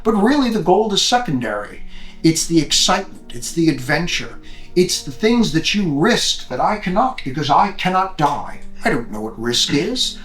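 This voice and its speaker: A man's voice: a little high, fairly bright tone. A man voicing Hades, the male god of the dead, with a put-on Scottish-style drawl, amused and grand, in an echoey room with faint music.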